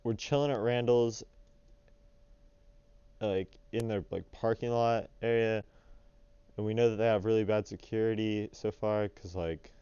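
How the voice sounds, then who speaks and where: Young male storyteller, rambling and animated, smooth voice, dry dull lo-fi sound. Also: lowish voice, measured pace, long pauses, no room sound. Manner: rambling, filler-heavy, animated retelling. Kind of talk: casual storytelling voice-over.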